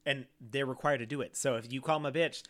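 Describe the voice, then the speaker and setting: A man's voice: mid-range voice, fast, fairly bright tone. A young man co-hosting a podcast, rambling casually with lots of fillers and swearing. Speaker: podcast co-host.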